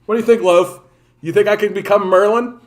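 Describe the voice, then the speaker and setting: Rambling man, slightly high voice. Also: fairly even intonation, fairly quick. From Canada. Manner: rambling, profane, many "like" fillers and restarts. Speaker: political streamer. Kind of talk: casual livestream commentary.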